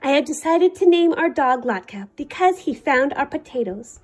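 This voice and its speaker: A woman's voice: high-pitched, expressive, normal speed, darkish tone, soft background music. A woman reading the part of a kind, eager young boy. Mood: earnest.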